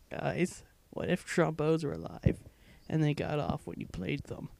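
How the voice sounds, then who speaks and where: Young blogger giggling thru posts late at night, gravelly and kinda mellow. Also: mid-range voice, big pitch swings, unhurried, hardly any pauses, dry recording. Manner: giddy, keeps breaking into helpless laughter. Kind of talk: casual late-night reading of blog posts aloud.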